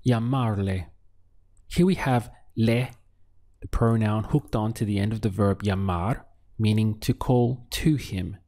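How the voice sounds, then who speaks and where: A man teaching a language lesson, calmly prompting the listener and pausing for their answers. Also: fairly low pitch. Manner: slow, patient prompting with pauses for answers. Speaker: Spanish teacher.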